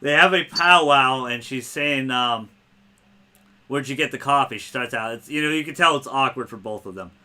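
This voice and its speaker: A man hosts a loose podcast conversation with a strikingly bright, sharp voice. He talks with excitement, swears freely and retells scenes by quoting lines aloud. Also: medium pitch, moderate pace. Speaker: podcast host. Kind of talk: casual podcast chat.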